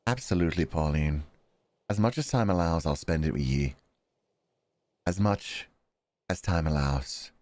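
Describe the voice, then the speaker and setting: A man's voice: extremely low pitch, measured pace, pauses often, darkish tone. A man voicing a devoted young man speaking tenderly to his sweetheart in a visual novel. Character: gentle, devoted young man, her lover.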